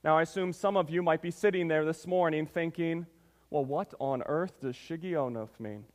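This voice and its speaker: A man serving as pastor delivers a sermon in a church sanctuary, reading scripture and leading prayer. His voice sits high for a man, and he preaches with emphasis, often calling out to the congregation. A long reverb from the hall lingers behind every phrase. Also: moderate pace.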